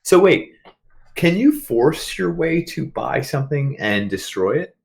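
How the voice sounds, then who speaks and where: A man's voice: a little high, big pitch swings, unhurried, gravelly. A man co-hosting a podcast in a casual chat, playful and jokey, asking lots of questions. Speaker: podcast co-host.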